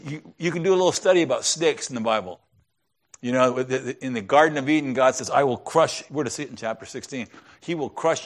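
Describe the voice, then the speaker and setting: A man preaching a sermon in a conversational storytelling way, often dropping to a hushed tone to drive a point home. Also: mid-range voice. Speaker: pastor.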